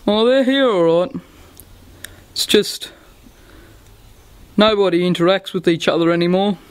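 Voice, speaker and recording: A man's voice: high voice, a little slow. An older man with an Australian accent playing a friendly, easygoing grandfather in a tiny outback town in a short film, chatty and jokey. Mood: reflective.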